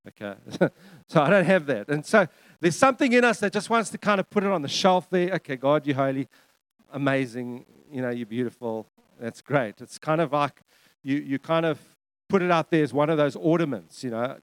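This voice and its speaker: Middle-aged male pastor, slightly high voice, dry close sound, preaching with emphatic repetition and frequent restarts. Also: dry recording. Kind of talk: sermon.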